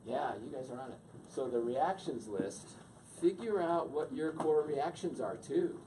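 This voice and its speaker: A man's voice: on the high side, a little slow, mellow. A man giving a couples' workshop talk, speaking conversationally and quizzing his audience. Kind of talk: teaching a couples' class. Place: meeting room with an audience. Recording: distant mic with background noise.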